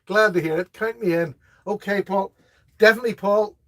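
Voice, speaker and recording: A chatty middle-aged man with a high voice for a man, hosting a relaxed live stream. He reads viewer comments aloud, laughs easily at their jokes and chats on in a friendly, rambling way. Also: brisk. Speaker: host of a live knife chat. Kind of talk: casual live-stream chat.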